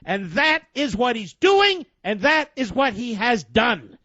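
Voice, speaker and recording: High-voiced indignant man on talk radio. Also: sing-song, takes it slowly, pushed and bright, no echo, highs cut off. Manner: indignant, emphatic, rhetorical questions.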